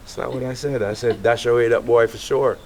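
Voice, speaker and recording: A middle-aged Jamaican man, an artist as guest, telling stories in a relaxed casual interview. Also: mid-range voice, a little fast, a little hiss or hum. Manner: relaxed, animated storytelling with quoted voices.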